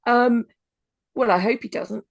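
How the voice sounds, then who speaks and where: A woman's voice: on the high side, measured pace, gravelly, no room sound. A woman co-hosting a podcast, chatting casually with an emphatic, indignant manner. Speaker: podcast co-host. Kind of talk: casual chat.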